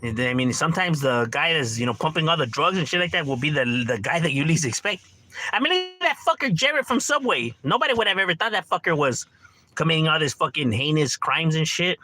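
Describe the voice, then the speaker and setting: A man from Los Angeles hosting a livestream and talking loosely and profanely with strangers. His voice sits a bit high and has a bright, tense edge. He keeps it laid-back and slangy, slipping in Spanish words. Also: sing-song, fast. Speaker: livestream host chatting with strangers. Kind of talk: casual profane chat.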